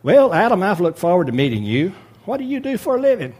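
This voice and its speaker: A man's voice: high-pitched, very animated, fast, a little mellow, slightly rough, pitched above the performer's own voice, full character voice. A man voicing a charming, sly male snake who talks his way into things. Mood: friendly.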